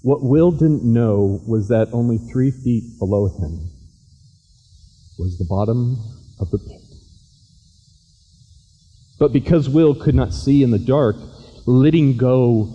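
A man's voice: medium pitch, slow pace, pauses often, dark tone, slightly rough, dull audio. A man preaching a sermon as pastor, chatty with the congregation and telling a dramatic story. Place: church sanctuary. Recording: echoey church hall.

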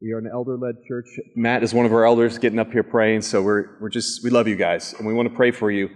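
A man preaches as pastor in an echoey church hall, speaking quickly in a medium-pitched, level voice. He's conversational with the congregation while telling a dramatic tale from the sanctuary.

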